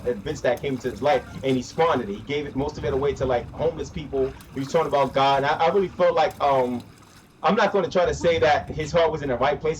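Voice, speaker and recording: A man's voice: medium pitch, a little hiss or hum. Blunt man ranting on a live stream. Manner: blunt, repetitive, says "bro" often, swears. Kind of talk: casual live-stream rant while gaming.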